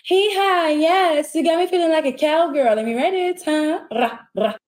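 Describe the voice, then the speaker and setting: A woman's voice: high-pitched, normal speed, darkish tone, lightly acted. A woman playing a robotic livestream NPC character who chants the same short catchphrases over and over in a mechanical way. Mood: chirpy robotic.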